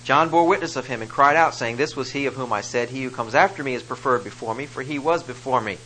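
A man's voice: mid-range voice, fast talker, bright, forceful tone, slight background noise, low-quality recording. A man preaching a sermon, reading scripture and explaining it with rising emphasis on key phrases. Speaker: pastor.

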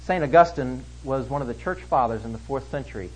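A man preaching an expository sermon, emphatic, swinging between loud stresses and hushed lines. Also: medium pitch, brisk, breathy edge, low-quality recording.

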